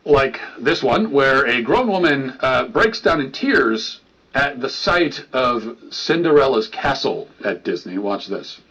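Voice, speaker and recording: Husky-voiced man narrating a video essay. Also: medium pitch, lively intonation, takes it slowly, a bit bright. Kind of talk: scripted commentary narration. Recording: muffled lo-fi video playback.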